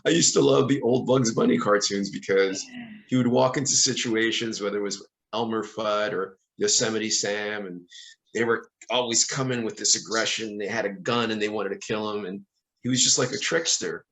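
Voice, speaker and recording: A man's voice: fairly low pitch, steady tone, moderate pace, creaky, a bit bright, rough recording. A man hosting a podcast, chatting casually and playfully, laughing often. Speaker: podcast host. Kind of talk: casual chat.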